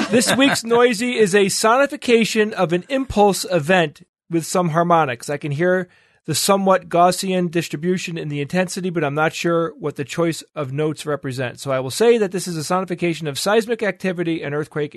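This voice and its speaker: A man's voice: high-pitched, normal speed, fairly bright tone, no room sound, studio quality. A man co-hosting a podcast, casually reading out listener emails with playful, laughing asides. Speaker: podcast co-host presenting a listener segment.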